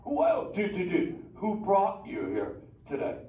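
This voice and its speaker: Casting: a hyped surfer-dude sea turtle, high and bouncy, playful slang, echoey distant theater. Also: male voice, wildly swooping pitch, a little slow, mellow, heavily acted. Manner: playful, laughing, teasing the audience. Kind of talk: live interactive show character. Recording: echoey theater from afar, noisy.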